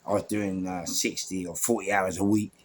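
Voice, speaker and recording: A man's voice: deep voice, moderate pace, slight background noise. A man with a London accent telling rambling stories about doing door security, full of restarts and asides. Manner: rambling, many restarts and fillers, animated asides. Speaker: podcast guest storyteller. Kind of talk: casual storytelling.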